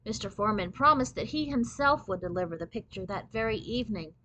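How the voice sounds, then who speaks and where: A woman reading a children's book aloud in clear, steady storybook narration. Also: mid-range voice, fast, lo-fi sound.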